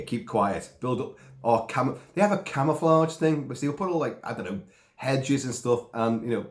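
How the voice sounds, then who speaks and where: A man's voice: mid-range voice, reverberant. A man, sick and coughing, giving a rambling casual film review with asides and mild swearing.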